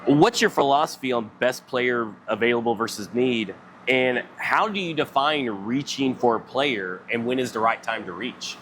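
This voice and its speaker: A man's voice: medium pitch, expressive, normal speed, few pauses, a bit bright. A man hosting a sports radio interview, giving each question a long, rambling wind-up. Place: live remote broadcast at a football event.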